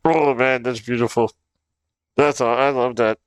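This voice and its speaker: A man's voice: mid-range voice, steady tone, measured pace, clear, resonant tone, no echo, studio quality. A young man from Ottawa, chatting casually on a livestream, incredulous and laughing through his words. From Ottawa, Canada. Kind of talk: casual livestream chat reacting to videos.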